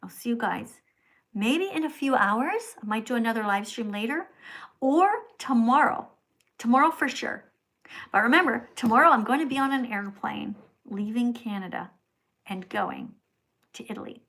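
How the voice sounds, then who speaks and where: A middle-aged woman hosting a livestream, reading paid chat messages aloud and lecturing the sender in a preachy, scolding way, dropping to hushed whispers and rising to loud outbursts. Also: fairly high pitch, expressive, normal speed. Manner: preachy, scolding, repeats the commenter's name. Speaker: livestream host.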